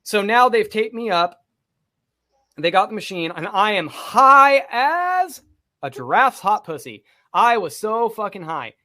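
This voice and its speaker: Man with a slightly high voice telling a story. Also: measured pace. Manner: profane, vivid, animated storytelling. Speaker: podcast co-host. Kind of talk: casual storytelling on a podcast.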